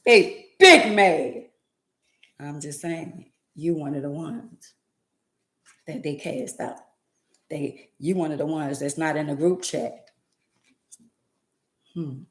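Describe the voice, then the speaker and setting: A woman's voice: low-pitched, fairly even intonation, takes it slowly, long pauses, dark tone, reverberant. A woman vlogger giving an emphatic, preachy faith-based motivational monologue with lots of repetition.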